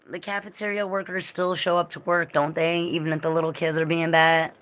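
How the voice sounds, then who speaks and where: A woman with a raspy voice that is still recovering, chatting casually and rambling between jokes and bits of song. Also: sits low, little pitch movement, fairly quick, a bit bright. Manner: rambling, joking, breaks into song. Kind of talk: casual vlog with singing.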